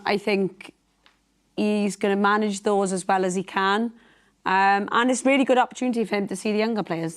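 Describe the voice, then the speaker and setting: A woman's voice: mid-range voice, clear, resonant tone. A woman football pundit chatting casually, thinking aloud with many fillers. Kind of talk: casual chat.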